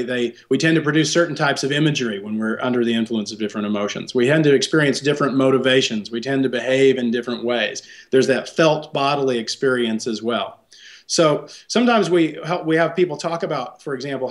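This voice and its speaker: A psychologist appearing as an interview guest, this man speaks in a mid-range voice. He explains his ideas with care and often ends with a tag question to check in.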